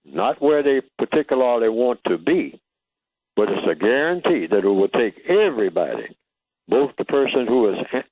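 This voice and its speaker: A man's voice: mid-range voice, no room sound. A man talking as a radio interview guest, emphatic and teacherly, asking rhetorical questions as he explains his points. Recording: tinny phone-line radio audio, dry.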